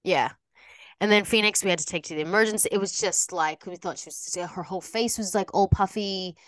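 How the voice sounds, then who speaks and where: A woman's voice: mid-range voice, brisk, fairly bright tone, no echo. An Australian woman co-hosting a podcast, chatting casually and rambling with lots of fillers and restarts. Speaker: podcast co-host. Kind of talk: casual chat.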